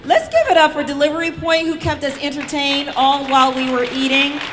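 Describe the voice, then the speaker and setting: A woman's voice: high voice, brisk, a bit bright, a faint crowd. A woman emceeing a gala, announcing award recipients in an upbeat manner. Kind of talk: event hosting.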